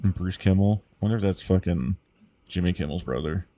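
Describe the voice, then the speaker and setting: A man's voice: sits low, a little fast, mellow, no echo, highs cut off. Rambling, swearing man on a podcast. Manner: rambling, profane, many fillers. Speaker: podcast co-host. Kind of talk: casual chat.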